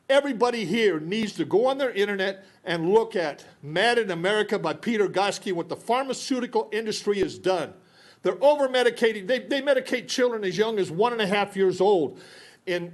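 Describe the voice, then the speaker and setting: High-voiced, furious man at the podium, rambling and out of breath. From Newberry Springs, California. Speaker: public commenter. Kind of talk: public comment speech.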